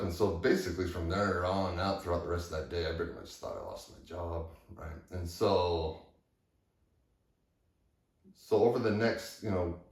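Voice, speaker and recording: Deep-voiced man, candid and halting. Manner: candid, halting, with frequent restarts. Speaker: vlogger. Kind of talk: personal storytelling. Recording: echoey room, far from mic.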